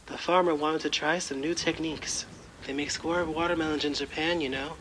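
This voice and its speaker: Pumpkin, man actor, bright tense voice, matter-of-fact, resigned, faint rain behind. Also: a little high, steady tone, brisk, slight background noise, close to an everyday voice, poor audio. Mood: wistful. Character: square talking pumpkin, male, gentle, resigned. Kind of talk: audio drama acting.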